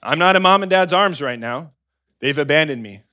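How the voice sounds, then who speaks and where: A man's voice: fairly high pitch, animated, fairly quick, pushed and bright. A man voicing an infant girl who wakes alone and melodramatically wails that she has been abandoned. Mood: distraught. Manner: wailing, overdramatic.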